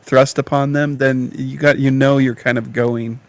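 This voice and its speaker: A man's voice: mid-range voice, flat delivery, unhurried. A man co-hosting a podcast in casual chat, talking hesitantly and searching for his words. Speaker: podcast co-host.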